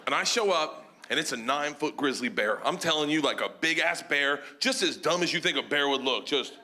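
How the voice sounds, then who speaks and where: A man doing stand-up on stage, telling a story animatedly and acting out voices with shouts. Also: on the high side, fast talker, slight background noise. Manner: animated, acts out voices and yells. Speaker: stand-up comedian. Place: comedy festival stage with live audience.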